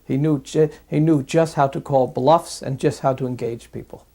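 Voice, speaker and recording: A man recalling his time as a devotee and telling brisk anecdotes. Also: mid-range voice, steady tone, mellow. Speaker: devotee sharing memories. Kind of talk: reminiscing storytelling.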